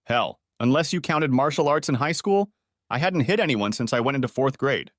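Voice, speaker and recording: A man's voice: medium pitch, expressive, moderate pace, no echo, studio quality. Dramatic man narrating a story. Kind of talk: scripted first-person story narration.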